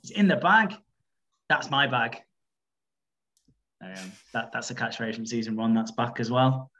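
A man hosting a podcast, chatty and easygoing, laughing often and filling pauses with little sounds. His voice is medium in pitch, and the recording sounds a bit dull. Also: animated, sharp tone. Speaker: podcast host. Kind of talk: casual podcast chat.

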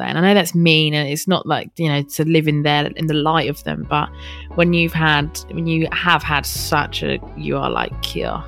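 A woman's voice: low voice, animated, normal speed, vocal fry, fairly bright tone, faint music behind. A young woman hosting a podcast, talking candidly and from the heart in a chatty way, with lots of fillers, restarts and some casual swearing. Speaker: podcast host. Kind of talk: candid personal podcast monologue.

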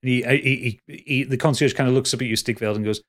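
Guy running a tabletop game, stumbles and restarts a lot, middle-pitched voice. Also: steady tone. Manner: halting, many restarts and fillers. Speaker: game master.

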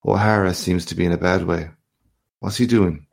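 A man reading aloud and voicing a boastful, hearty male journalist home from abroad, low and gravelly, with a swaggering, lively manner. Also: normal speed. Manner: boisterous, swaggering, lively questions.

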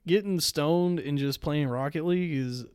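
A man's voice: fairly high pitch, normal speed, darkish tone, clean tone. A man co-hosting a podcast in casual chat, enthusiastic about what he likes. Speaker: podcast co-host.

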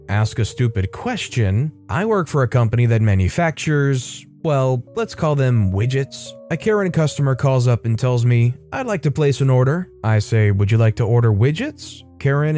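Mellow-voiced man reading stories aloud. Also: mid-range voice. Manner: relaxed, conversational asides. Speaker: storytelling channel host.

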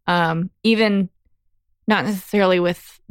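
A woman's voice: lowish voice, measured pace, clear, resonant tone, dry recording. A woman guest on a podcast, candidly telling a personal story in casual conversation. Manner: candid storytelling, animated when quoting herself.

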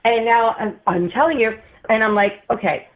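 Woman guest telling a story by phone, expressive and laughing, tinny line. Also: on the high side, moderate pace. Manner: animated, acts out quoted voices, laughs often. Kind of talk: casual storytelling chat. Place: Massachusetts.

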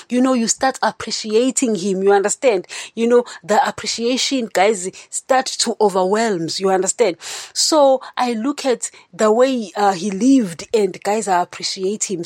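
An earnest woman talks through her faith in a casual, rambling podcast monologue and keeps turning to her listeners. Her voice sits at an ordinary middle pitch. The recording is dry and close, with no room sound. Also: darkish tone, dry recording. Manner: earnest, rambling, keeps saying "you know, guys". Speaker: podcast host.

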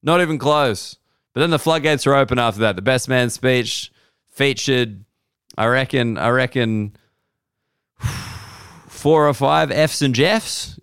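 An Australian comedian rambles through a story on his podcast, swearing freely and jumping from a quick mutter to sudden high bursts. His voice is smooth and resonant, and the room is dry. He sits close to the mic. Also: dry recording.

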